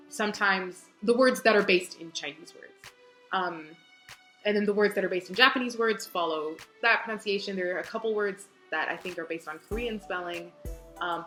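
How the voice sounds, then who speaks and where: A woman's voice: medium pitch, bright, forceful tone. A young woman talking casually and chattily to viewers on a live stream, with lots of fillers. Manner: chatty, bubbly, full of filler. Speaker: book reader and fan host. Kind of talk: casual chat. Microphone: phone.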